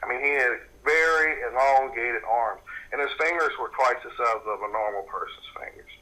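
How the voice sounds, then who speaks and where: Bright-voiced man telling a story. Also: mid-range voice, moderate pace, poor audio. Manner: animated storyteller, repeats words when worked up. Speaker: paranormal investigator. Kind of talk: interview, recounting a personal story.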